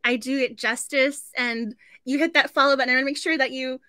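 A woman's voice: high-pitched, fairly even intonation, brisk, bright, forceful tone, no echo, studio quality. A woman hosting a book club live stream, chatty and effusive, laughing often as she talks. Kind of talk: casual live-stream chat.

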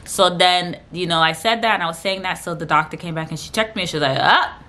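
A woman's voice: on the low side, steady tone, sharp tone. A young woman vlogger telling a personal story to camera in a casual, rambling way with lots of fillers. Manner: fast, rambling, lots of fillers and quoted dialogue.

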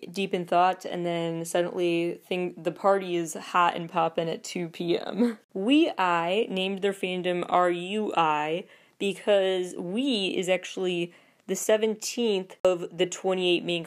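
A woman hosting a podcast, giving casual commentary with chatty, opinionated asides. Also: on the low side. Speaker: podcast host.

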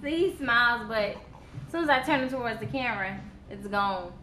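Young woman, high voice with big swoops, baby-talking to her son in a roomy home recording. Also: expressive, fast talker, bright, forceful tone. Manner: cooing baby talk to her infant son, chatty asides to viewers. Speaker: vlogger and new mother. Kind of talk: casual home vlog. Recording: roomy echo, faint background noise.

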